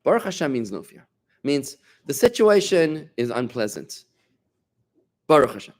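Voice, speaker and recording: A middle-aged rabbi leads an informal Torah class with a man's mid-range voice. He talks animatedly and conversationally, leaning hard on key phrases and tossing quick remarks to his students. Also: mid-range voice. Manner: animated, emphatic, conversational, bantering with listeners.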